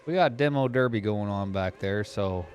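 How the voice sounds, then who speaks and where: A man commentating an online sim race he is driving in, narrating the action in casual, excitable chat. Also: fairly low pitch, normal speed, lo-fi sound. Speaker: sim racing commentator and driver.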